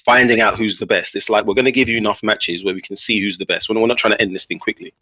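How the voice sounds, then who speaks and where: A man telling a story in a casual podcast chat, animated, with many restarts. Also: fairly low pitch, quick pace, no room sound, low-quality recording. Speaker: guest player.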